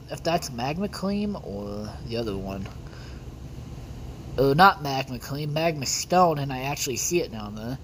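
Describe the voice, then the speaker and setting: A woman's voice: sits low, expressive, measured pace, slight background noise. A woman casually commenting on her own gameplay for viewers, rambling and swearing often. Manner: foul-mouthed, rambling, talks to viewers. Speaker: gaming video host. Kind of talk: casual let's-play commentary.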